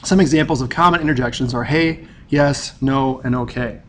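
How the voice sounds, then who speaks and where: A man's voice: medium pitch, normal speed, fairly bright tone, slight background noise. Man explaining grammar, methodical teacher. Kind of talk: recorded grammar lesson.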